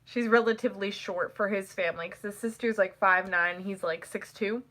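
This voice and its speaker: A teenage girl chatting casually to the camera, rambling and packing her talk with "like" and quick laughs. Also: mid-range voice, steady tone, a bit bright. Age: teens. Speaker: vlogger.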